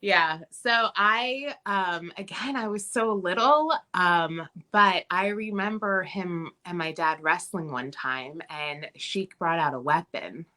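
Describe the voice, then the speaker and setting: Brief: woman interview guest, bright forceful tone, lowish voice, casual and chatty. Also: slow, hardly any pauses. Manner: chatty, many ums, animated when quoting.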